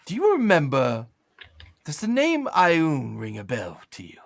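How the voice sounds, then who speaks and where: A man's voice: a little high, wildly swooping pitch, measured pace, creaky, heavily acted. A man voicing a weary, friendly male half-ogre mercenary who drawls and calls people mate. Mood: musing.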